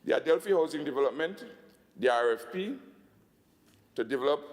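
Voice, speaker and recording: A man with a Tobagonian accent giving a budget speech in a legislative assembly, emphatic, slowing down to stress figures. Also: mid-range voice, darkish tone, in a large hall. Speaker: assembly secretary.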